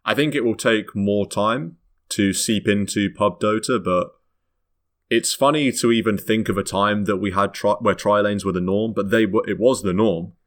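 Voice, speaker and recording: A British podcast host rambles through a casual chat, correcting himself along the way and laughing often. His voice is on the low side, at a moderate pace.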